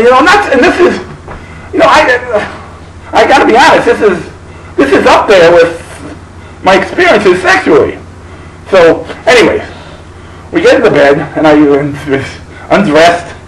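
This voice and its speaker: A man's voice: high voice, reverberant, noisy background. Crude profane male stand-up comic. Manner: crude, profane, laughs at his own story. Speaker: stand-up comedian. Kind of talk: stand-up storytelling. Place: live stage.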